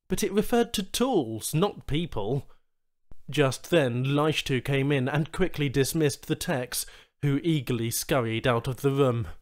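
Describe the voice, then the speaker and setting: Expressive male audiobook narrator. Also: on the high side. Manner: expressive storytelling. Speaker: audiobook reader. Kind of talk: scripted narration.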